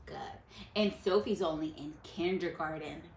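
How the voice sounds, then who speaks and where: A woman's voice: low-pitched, roomy sound, a little hiss or hum. A woman teacher reading a picture book aloud to her class, stopping to quiz the children. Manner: animated storyteller who pauses to quiz children.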